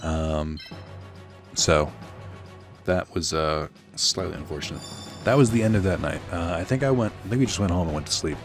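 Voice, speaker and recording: A man's voice: low-pitched, lively intonation, normal speed, faint music behind. A young man telling a rambling, sardonic story while playing a video game, full of fillers. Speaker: let's play host. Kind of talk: casual storytelling while gaming.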